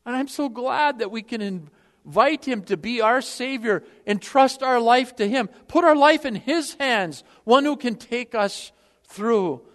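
A man preaching a sermon with passion, swinging between loud appeals and hushed prayer. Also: very high voice, lively intonation, unhurried, long reverb tail.

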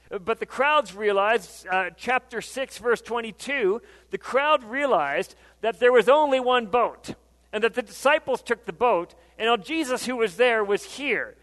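Male preacher, high voice, casual but emphatic sermon, long hall reverb. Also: fairly bright tone. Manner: conversational, emphatic, reads scripture aloud, repeats phrases.

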